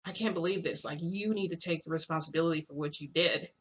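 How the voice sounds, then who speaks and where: A woman's voice: low voice, quick pace, natural voice. A woman voicing a distraught young man who pleads insistently and repeats himself. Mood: accusing.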